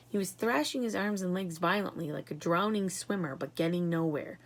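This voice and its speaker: A woman's voice: medium pitch, moderate pace, hardly any pauses. Woman reading a children's book aloud. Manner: expressive. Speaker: reader.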